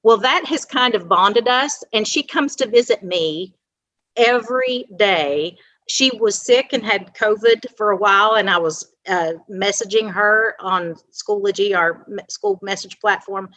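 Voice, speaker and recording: A woman on the staff of a school, telling a story in a casual, lively way and acting out the people she quotes. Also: mid-range voice, measured pace, no echo. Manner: animated anecdote with quoted dialogue.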